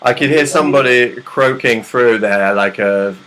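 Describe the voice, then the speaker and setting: A young man at an online open mic, rambling and self-deprecating between jokes in a mid-pitched voice. The audio comes through a video call with a clear hiss underneath. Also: normal speed. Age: young adult. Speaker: stand-up comedian.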